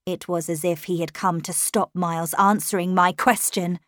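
A woman narrating a classic ghost story as an audiobook in the first person, with measured, expressive delivery on a close studio mic. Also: on the low side, no room sound. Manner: measured and expressive, dramatic at tense moments.

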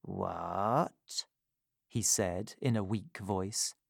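A man reading a classic story aloud in a calm, measured narration. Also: mid-range voice, no echo, clean studio sound.

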